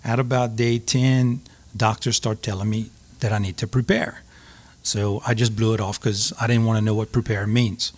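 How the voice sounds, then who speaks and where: A middle-aged man with a drawl shares a personal story as an interview guest. He talks earnestly and haltingly, circling back and restarting phrases as he goes. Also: fairly low pitch, flat delivery, a little mellow.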